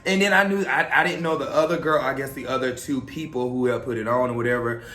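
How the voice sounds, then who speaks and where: A man's voice: mid-range voice, fairly even intonation, fast, pushed and bright, roomy sound. A talkative young man telling a story in a casual, chatty vlog style, loose with filler words. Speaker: vlogger.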